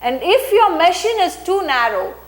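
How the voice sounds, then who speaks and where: High-voiced woman teacher. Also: big pitch swings, moderate pace. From India. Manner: rereads and paraphrases each line, acts out the quoted speech. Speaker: English teacher. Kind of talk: explaining a story to students.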